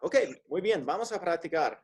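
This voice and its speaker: A man's voice: on the high side, lively intonation, brisk, slightly rough. A man teaching an online Spanish class in a casual, upbeat way, drilling words for his student to repeat. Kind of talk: online language lesson. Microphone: video call.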